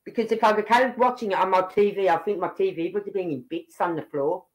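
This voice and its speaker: A woman's voice: mid-range voice, fast talker, poor audio. A woman giving angry, blunt reaction commentary, heated and swearing as she talks to the people on screen. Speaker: online commentator.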